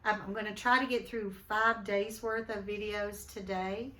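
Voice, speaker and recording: A woman's voice: mid-range voice, level tone, normal speed, pushed and bright, echoey room. A woman teacher, recording a lesson at home, talking thoughtfully with many ums. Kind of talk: recorded class lesson, reading and discussion.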